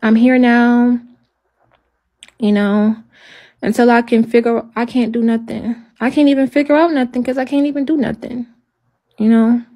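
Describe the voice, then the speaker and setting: A woman talking on a livestream in halting, repetitive speech, sounding hopeless and stressed. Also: a little high, fairly even intonation, dark tone. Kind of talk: emotional livestream talk.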